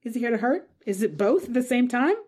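A woman co-hosting a podcast in casual chat, animated and playful, laughing easily. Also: on the high side, quick pace, breathy edge. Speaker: podcast co-host.

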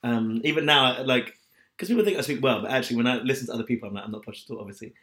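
Fast-talking man with a bright voice. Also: medium pitch. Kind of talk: casual chat.

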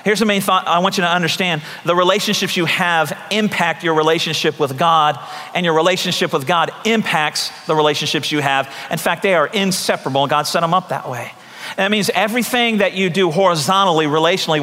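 A man's voice: on the high side, sharp tone, big-room sound. A man preaching a sermon as pastor, talking in a conversational way with repeated phrases and acted-out voices.

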